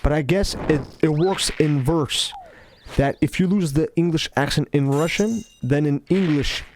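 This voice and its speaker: Laid-back rambling man, slightly high. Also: darkish tone, slight background noise. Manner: rambling, self-interrupting, mumbles; slow, laid-back delivery. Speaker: gaming commentator. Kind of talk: casual gameplay commentary.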